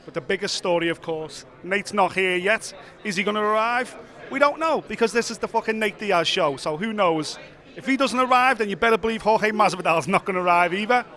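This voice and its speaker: A man hosting a casual walk-and-talk vlog, chatty, excitable and free with swearing. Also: high-pitched, a little fast. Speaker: host.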